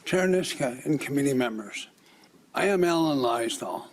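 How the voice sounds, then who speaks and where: A man's voice: medium pitch, animated, normal speed, slight background noise. A middle-aged man from Minnesota with a Minnesotan accent, giving formal public testimony in a declamatory, accusing manner.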